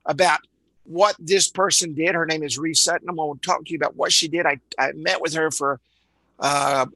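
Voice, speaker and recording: A man's voice: on the high side, fairly even intonation, normal speed, bright, forceful tone, no room sound, poor audio. A man from Dallas with a Texan accent, leading a live online sales training in a rambling way, full of repeated words and uhs. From Dallas, Texas.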